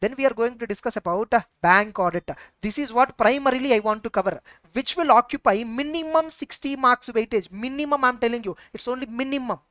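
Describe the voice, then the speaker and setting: A woman's voice: fairly high pitch, fairly quick, a bit bright, no room sound. A woman with an Indian English accent teaching an online exam-prep lecture, emphatic and repetitive, posing rhetorical questions.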